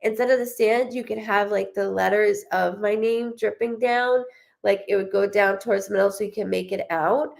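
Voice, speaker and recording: A young woman gives a live reading as a medium, chatting animatedly, laughing often, and quoting the spirit in a lively voice as she relays what she hears. Her voice is medium-pitched and creaky, at a moderate pace.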